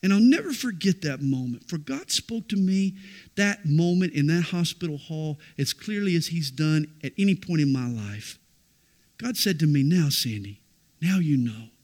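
A middle-aged pastor preaches with a voice that sits a little high for a man. He swings from ringing declarations down to near-whispered, intimate stretches of storytelling. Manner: dramatic swings from loud declaration to hushed intimacy. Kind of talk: sermon.

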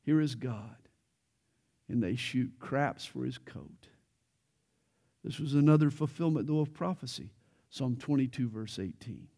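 A man's voice: mid-range voice, unhurried, long pauses, dark tone. A man preaching a verse-by-verse Bible sermon, earnest and building to emphatic peaks, with light jokes along the way. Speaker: pastor.

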